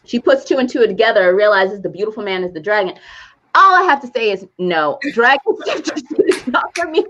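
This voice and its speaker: A woman co-hosting a podcast who retells a movie plot in casual chat, animated and laughing as she goes. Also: medium pitch, a little fast, lo-fi sound. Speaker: podcast co-host.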